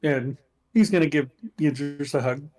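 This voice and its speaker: A man playing a tabletop role-playing game, casually describing his character's actions with many pauses and fillers. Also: fairly high pitch, a little mellow. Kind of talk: casual play narration.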